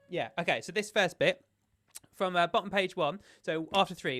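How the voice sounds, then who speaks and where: A man's voice: high voice, normal speed. A man leading a choir sectional rehearsal as music director. He explains the parts step by step and counts in the beats.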